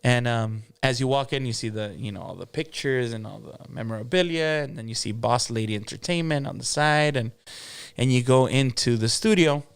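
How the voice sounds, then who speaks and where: Brief: mariachi singer, interview guest, smooth clear tone, lively anecdote teller. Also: male voice, medium pitch, normal speed. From Los Angeles. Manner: lively storyteller who acts out quotes and mixes in Spanish. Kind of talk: casual storytelling in an interview.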